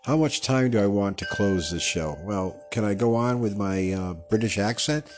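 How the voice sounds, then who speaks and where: A man's voice: on the low side, normal speed, soft background music. A man hosting a live radio meditation show, talking in a meandering, digressive way and fumbling and correcting his own words as he goes. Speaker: radio host. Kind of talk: rambling meditation monologue.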